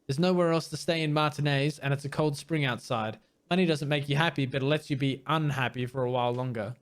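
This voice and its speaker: A man's voice: mid-range voice, fairly quick, few pauses, faint music behind. A man hosting a let's play, reading game dialogue aloud and breaking in with wry asides, sometimes tripping over hard words. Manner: reads text plainly, mixed with wry asides.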